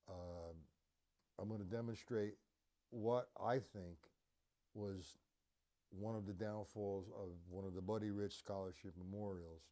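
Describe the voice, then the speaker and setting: A drum teacher with a lowish, warm voice gives a live-streamed lesson. He talks casually and demonstrates as he goes, counting beats aloud and scatting drum sounds.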